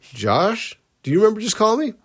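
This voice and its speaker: A fretful middle-aged mother calls her son and keeps asking what is wrong, one anxious question after another. Her voice sits high, lifted well above a man's normal talking voice, as a man puts her on. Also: sing-song, fairly quick, a bit bright, full character voice. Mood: worried.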